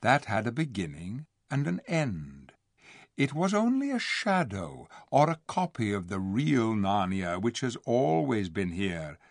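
A wise old lord , as a man reading aloud puts him on, speaks softly and reassuringly, his words rising and falling with feeling. The recording is close and dry, with no room sound. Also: mid-range voice, no room sound. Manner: soft-spoken and reassuring. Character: wise, gentle old male lord and scholar. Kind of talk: audiobook character voice.

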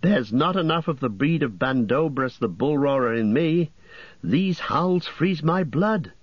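A man's voice: a little high, expressive, a little slow, husky, no room sound, lo-fi sound, pitched above the performer's own voice. A man reading the lines of a timid young hobbit in an audiobook, fretful and muttering. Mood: anxious.

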